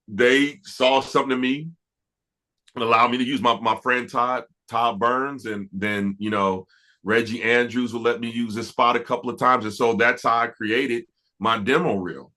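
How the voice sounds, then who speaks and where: A middle-aged man, an R&B producer, telling stories in a casual interview, animated and stumbling over restarts. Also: mid-range voice, moderate pace. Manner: animated, laughing storyteller with many restarts.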